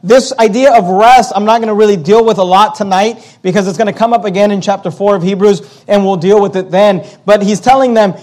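A man preaching a sermon as the pastor at a church service. He preaches with emphasis, repeats his key questions and slows down to stress words. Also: high voice, darkish tone.

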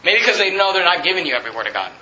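A male pastor preaching an emphatic sermon to a congregation, repeating his points and rising to shouts. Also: high voice, big pitch swings, very fast, crowd noise. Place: church hall. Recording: roomy, slightly dull, congregation audible. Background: congregation responding.

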